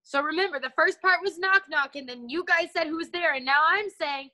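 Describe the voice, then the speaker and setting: Over a video call that sounds like a laptop, a woman leads a children's martial arts class in a high, bright voice, talking a little fast. She playfully teases the kids and keeps the mood upbeat.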